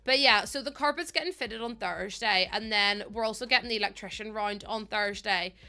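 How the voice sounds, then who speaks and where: A woman's voice: medium pitch, brisk, pushed and bright, soft background music. A young woman with a Northern Irish accent, chatting casually with viewers as she streams a game, rambling and laughing often. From Northern Ireland. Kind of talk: casual live-stream chat, greeting viewers.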